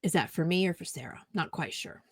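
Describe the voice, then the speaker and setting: A woman's voice: on the low side, lively intonation, fairly quick, husky, no room sound, studio quality. A woman YouTuber ranting back at online commenters, sarcastic and indignant, mocking them at length.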